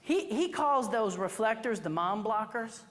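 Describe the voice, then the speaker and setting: A woman teaching a photography workshop to a live class, chatty and animated, acting out little quoted exchanges. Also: a little high, measured pace, a crowd in the background. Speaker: photography instructor. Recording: reverberant hall recording.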